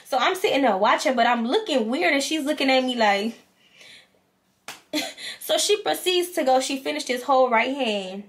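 A woman's voice: sits high, expressive, normal speed. A woman vlogger, animatedly telling a storytime and acting out both sides. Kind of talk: storytime vlog.

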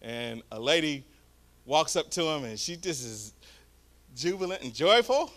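A man preaching a storytelling sermon, swinging from hushed asides to loud shouts. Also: a little high, sing-song, a little slow. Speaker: guest preacher. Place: church sanctuary.

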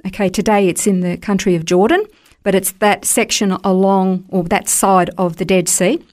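Woman, radio Bible teacher, mid-pitched, emphatic and explanatory, steady flow. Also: normal speed.

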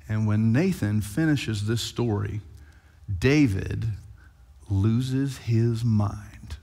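A male pastor preaching an animated sermon and retelling scripture playfully. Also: lowish voice, very slow, vocal fry. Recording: long hall reverb.

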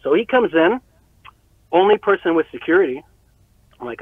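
A man guest telling a story in a casual interview, excitable, swearing and acting out quotes. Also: on the high side, normal speed, long pauses, husky, no room sound. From Canada. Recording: tinny phone-like line.

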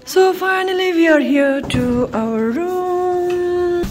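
High-pitched woman, Indian English accent, excitable family vlogger, loud music behind. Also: unhurried. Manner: chatty, excitable, mixes in Hindi phrases. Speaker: vlogger, mother. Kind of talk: casual family vlog. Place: outdoors at a theme park.

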